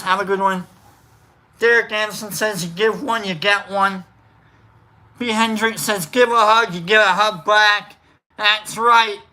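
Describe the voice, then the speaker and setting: A woman's voice: medium pitch, bright, forceful tone. A woman co-hosting a livestream, casually reading out chat names with rambling, playful asides and sudden whoops. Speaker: livestream co-host.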